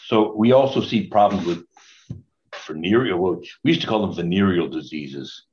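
A man's voice: low voice, moderate pace, darkish tone, slight background noise. An older man, a priest, leading a Bible study in a conversational way and asking his group questions. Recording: dull lo-fi recording.

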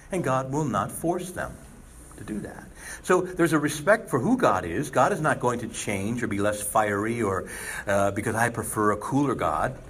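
A priest gives a chatty, conversational sermon, his pitch leaping high and dropping low. He sprinkles in casual asides, with a faint hiss behind him. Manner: conversational, animated preaching with asides. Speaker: Catholic priest. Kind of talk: sermon talk.

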